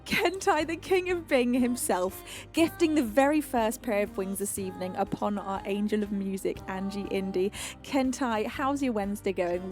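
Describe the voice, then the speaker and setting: A young British woman hosting a live music stream, greeting viewers by name with effusive, affectionate warmth. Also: medium pitch. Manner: effusive and affectionate, reading out chat names. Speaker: streamer and singer.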